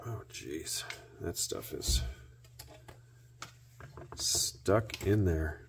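A man hosting a repair video, narrating his work out loud with dry little jokes to himself. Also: deep voice, animated, very slow, a little hiss or hum. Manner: self-talk with dry jokes. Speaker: host.

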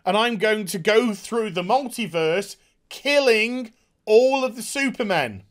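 A man's voice: high voice, lively intonation, measured pace, a bit bright, pitched above the performer's own voice. A man voicing a smug, theatrical male supervillain with a mock evil laugh. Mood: gloating.

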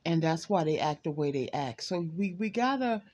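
A woman doing a relaxed tarot reading from her home. She talks candidly and chattily to her viewers, with frank asides. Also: low voice, normal speed. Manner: candid, chatty, breaks off to scold her pet and laughs. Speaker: tarot card reader. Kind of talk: casual tarot reading livestream.

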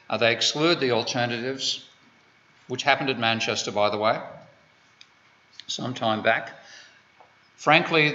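A man's voice: medium pitch, sharp tone. An Australian man giving an economics lecture, digressive and full of wry asides. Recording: dull lo-fi lecture recording.

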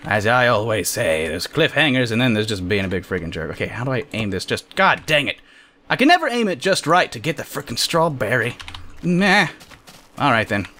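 A man hosting a casual let's-play, talking excitably and jokingly, often yelping at what happens on screen. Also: mid-range voice, a little fast, a little hiss or hum. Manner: excitable, yelps and shouts at the game, jokey. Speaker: gamer host.

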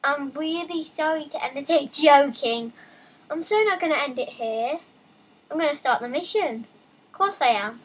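High-voiced young woman gaming chatter. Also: normal speed, rough recording. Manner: chatty, reads game text aloud, excitable asides. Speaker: let's play gamer. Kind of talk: casual game commentary.

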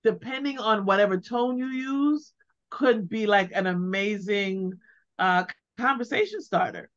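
Middle-aged female guest, animated, acts out questions, mid pitch, muffled lo-fi recording. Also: measured pace. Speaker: interview guest, grieving mother. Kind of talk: heartfelt conversational advice. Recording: dull lo-fi sound.

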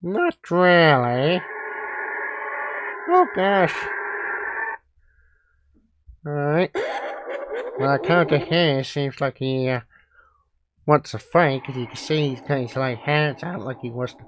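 A man's voice: on the high side, lively intonation, measured pace, pauses often, noisy background. A man doing a jittery cartoon dad gamer. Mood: nervous. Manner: hesitant, many uhs, yelps in panic. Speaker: gameplay commentator. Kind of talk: Let's Play commentary in an impression voice. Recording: music playing behind.

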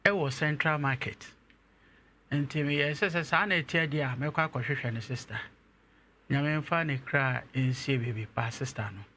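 Young man telling his story brightly. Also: medium pitch, measured pace, a little hiss or hum. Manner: animated when retelling events, laughs. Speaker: interview guest. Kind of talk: storytelling in an interview.

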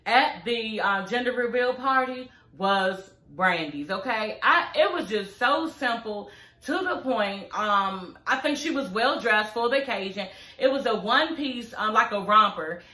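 A woman talks straight to her viewers in a loose, profane, chatty way. Her voice is bright and forward. It rings in a roomy echo from her room at home. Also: on the high side, lively intonation, unhurried. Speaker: YouTube show reviewer. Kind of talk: casual chatty review vlog. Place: home, filming in front of her TV.

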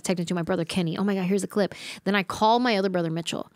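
A woman in her thirties, a comedian guest, telling a story with lively acted-out quotes. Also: lowish voice, fast, no room sound, clean studio sound. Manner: acts out quotes with big voice swings. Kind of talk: animated storytelling.

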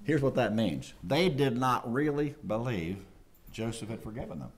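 A man preaching a chapel sermon, lively and acting out quoted voices. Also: medium pitch, moderate pace, slightly rough. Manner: animated, acts out quoted voices. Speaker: chapel speaker. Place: college chapel.

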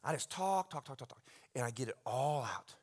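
A man preaching as a pastor, telling stories with big swings from hushed asides to loud bursts. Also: mid-range voice, expressive, a little fast, husky. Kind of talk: sermon. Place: church sanctuary.

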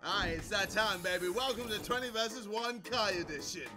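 A man presenting a dating show in an energetic, scripted intro from a played clip. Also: sits high, a little fast. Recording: played clip with loud music behind.

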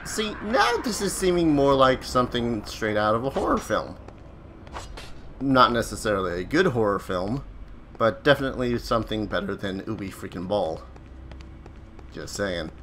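A man's voice: on the low side, sing-song, normal speed, noisy background. A man casually commenting while playing a video game, joking and yelping when startled. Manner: joking, exclaiming, easily startled. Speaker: let's player. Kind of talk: gameplay commentary.

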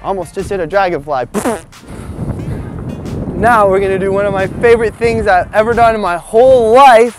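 A man's voice: high-pitched, moderate pace, music in the background. A man hosting a children's educational show outdoors in a windy field, bubbly and goofy, talking straight to the young viewers. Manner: bubbly, goofy and animated, talks to viewers directly. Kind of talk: kids' educational show presenting.

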